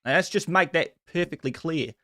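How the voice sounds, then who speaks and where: Breezy put-on Australian bloke, voiced by a man, slangy banter, slightly high voice. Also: normal speed, pushed and bright. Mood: jokey. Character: man putting on a jokey Australian accent.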